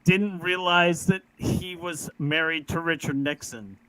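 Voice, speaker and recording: Slow-talking man, bright and swearing. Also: fairly high pitch, steady tone, smooth, dry recording, rough recording. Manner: swears freely, blurts silly answers. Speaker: trivia player. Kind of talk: casual chat.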